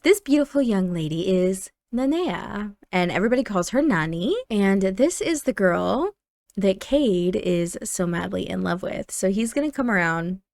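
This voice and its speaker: A woman's voice: medium pitch, dry recording, studio quality. A young adult woman casually narrating a life-sim story as she plays, chatty and full of fillers. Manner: chatty, warm-hearted, with fillers. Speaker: game storyteller.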